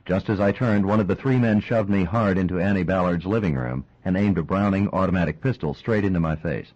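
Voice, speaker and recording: A man with a very low voice narrates a crime novel in a measured, steady way. The recording sounds dull and a bit lo-fi. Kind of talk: audiobook narration.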